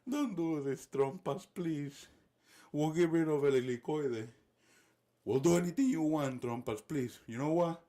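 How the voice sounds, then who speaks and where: A man's voice: on the high side, warm tone, voice pushed up, close to an everyday voice. A man doing a groveling, whiny dictator. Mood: pleading. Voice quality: whiny, pleading, drawn-out. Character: panicked, begging male dictator, whiny and groveling. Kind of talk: comic impression in a livestream rant.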